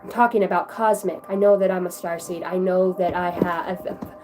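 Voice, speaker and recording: A woman's voice: on the low side, steady tone, normal speed, noisy background. A woman giving a casual livestream card reading, chatty and effusive, swearing freely as she talks to her viewers. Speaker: tarot reader.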